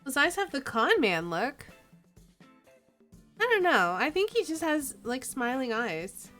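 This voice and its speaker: A woman's voice: high-pitched, big pitch swings, unhurried, bright, forceful tone, soft background music. A woman streaming a game, chatting playfully, giggling often and reading the story aloud. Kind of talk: let's play commentary and reading.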